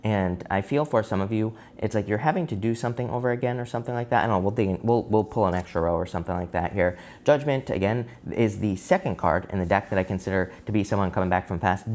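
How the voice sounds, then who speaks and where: Chatty man giving a casual tarot reading. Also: darkish tone. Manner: chatty and loose, many fillers and sudden upward pitch jumps. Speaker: tarot reader.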